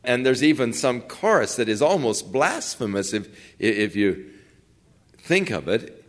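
A man preaching a sermon, reading scripture quietly and building to emphatic points. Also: medium pitch, very animated, unhurried. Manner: quotes scripture softly, then rises in emphasis. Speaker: pastor.

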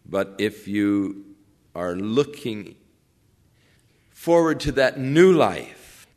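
Slow, measured male preacher. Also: fairly low pitch. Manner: quotes scripture softly, then rises in emphasis. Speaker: pastor. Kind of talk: sermon.

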